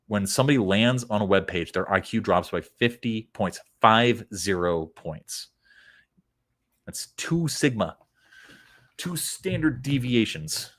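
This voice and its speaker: A man's voice: lowish voice, fairly bright tone. A man giving a casual, blunt critique of web copy, sarcastic and sometimes profane. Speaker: copywriting critic.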